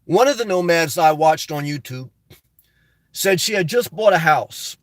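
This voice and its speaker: Guy reading his chat out loud on a stream, kinda high voice, chatty and rambling. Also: animated, measured pace, dry recording, studio quality. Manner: chatty, reads viewer comments aloud and riffs on them. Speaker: YouTube channel host reading live chat. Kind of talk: casual livestream chat.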